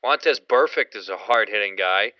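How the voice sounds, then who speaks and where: A man's voice: on the low side, moderate pace, pushed and bright, no echo. A man co-hosting a sports podcast in easygoing chat, often hedging with "I mean". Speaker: podcast co-host. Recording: dry, dull lo-fi podcast audio.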